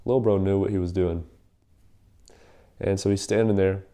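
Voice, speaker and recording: A man's voice: low-pitched, fairly even intonation, moderate pace, mellow. A young man casually retelling a Bible story in a rambling, slangy way, with lots of fillers.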